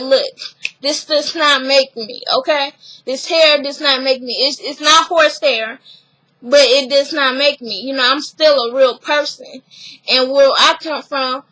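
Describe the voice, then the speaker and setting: A young woman vlogger recapping a reality show in casual chat, blunt and animated, swearing freely and laughing often. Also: sits high, rough recording.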